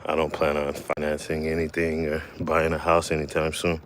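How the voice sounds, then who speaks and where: A man's voice: a bass voice, completely flat delivery, normal speed. A man chatting casually on a livestream beside his kayak, rambling and correcting himself, a little winded. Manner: rambling, self-correcting, laughs often. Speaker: livestream host. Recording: faint background noise.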